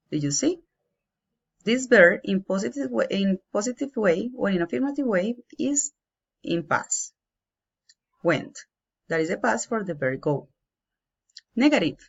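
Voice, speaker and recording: A woman with as her teaching an English grammar lesson, slowly and carefully, spelling out each example. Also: mid-range voice, slightly rough. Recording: dull lo-fi home recording.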